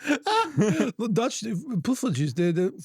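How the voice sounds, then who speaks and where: High, camp, quick-witted man co-host. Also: huge pitch swings, husky, dry recording, clean studio sound. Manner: camp, quick-witted interjections and loud laughter. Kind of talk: casual comedy podcast chat.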